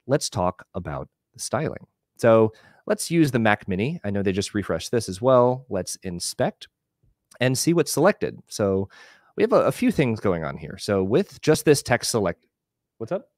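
A man giving a relaxed live screen-share tutorial on a video call, explaining as he clicks through. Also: fairly low pitch, moderate pace, no room sound, clean studio sound. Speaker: webinar instructor.

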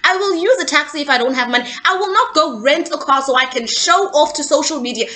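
Girl doing gossip commentary, high bright voice, sassy, keeps saying okay?. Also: animated, fast talker. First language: not English. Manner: opinionated, sassy, asks "okay?" often. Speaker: gossip news vlogger. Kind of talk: casual celebrity gossip commentary.

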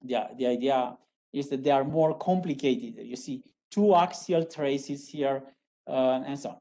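A woman delivers a university lecture in a low, mellow voice at an unhurried pace. She halts and restarts often, tags her phrases with a questioning "yeah?" and repeats each key term. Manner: halting, with frequent restarts and fillers. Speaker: geology lecturer.

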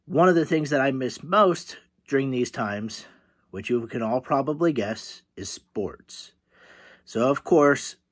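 A man, a teacher, reading a picture book aloud to children in a friendly, animated way. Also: medium pitch, breathy edge. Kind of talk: storybook read-aloud for children.

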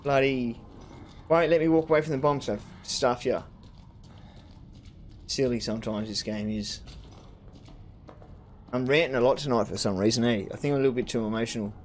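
A young man commentating a horror game playthrough, swearing and ranting with excitable outbursts. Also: medium pitch, moderate pace, pauses often, slight background noise. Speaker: gaming streamer. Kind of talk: let's play commentary.

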